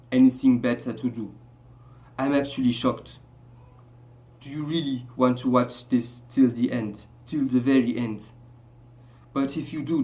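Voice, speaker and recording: A man putting on a deadpan Nigerian voice. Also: medium pitch, pitched below the performer's own voice, lightly acted. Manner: deadpan, teasing the viewer. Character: dry, mock-menacing Nigerian man.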